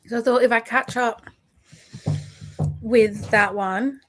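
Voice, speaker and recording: A woman co-hosting a casual reading chat, relaxed with brief replies. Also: on the high side, slow pace, no room sound.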